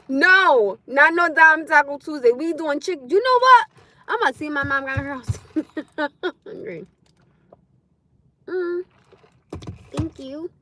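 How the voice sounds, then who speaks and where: Loud bright-voiced woman livestreaming. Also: high voice, expressive, slow, pauses often, no echo. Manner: loud, laughing, talks back to chat. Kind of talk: casual livestream chat. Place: in her car.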